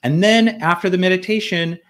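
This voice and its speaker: A man's voice: high voice, a little fast. A man guest in an interview, telling his own story in an earnest, reflective way, often restarting and repeating words. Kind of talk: conversational storytelling.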